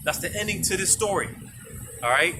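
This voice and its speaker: Street preacher, man with a high voice, loose casual delivery full of "man", traffic roaring behind. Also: lively intonation, fairly quick. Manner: peppers talk with "man" and "you know"; reads scripture aloud in King James wording. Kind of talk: outdoor street sermon. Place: outdoors on a street. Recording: street noise and passing vehicles.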